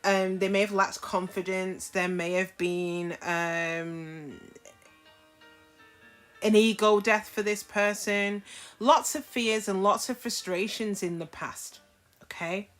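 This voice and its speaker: A woman gives a casual tarot reading to camera, frank and chatty, often checking in with her listeners. Her mid-range voice is steady and fairly bright, and she takes it slowly with faint music behind her.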